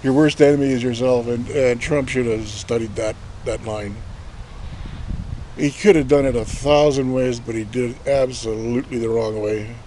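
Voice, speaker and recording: A man's voice: mid-range voice, steady tone, moderate pace, dark tone, slight background noise. A man, ranting sarcastically in rambling political commentary with lots of swearing. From Canada. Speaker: vlogger.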